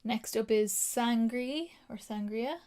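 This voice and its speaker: A woman's voice: fairly high pitch, slow, mellow, clean tone. Young Irish woman, beauty vlogger: chatty, effusive, casual review delivery. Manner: gushing, chatty, many fillers.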